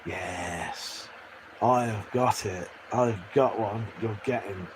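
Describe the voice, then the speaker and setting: Taking it slowly, a low-voiced Englishman chats crudely and casually during a live stream, frequently laughing and reading out chat messages. Faint background noise is audible.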